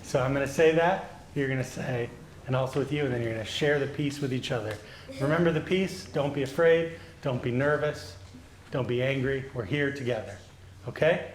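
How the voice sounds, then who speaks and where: A male pastor giving a children's sermon, gently asking the children questions and answering them. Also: mid-range voice, normal speed, slight background noise. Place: church sanctuary. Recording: echoey church.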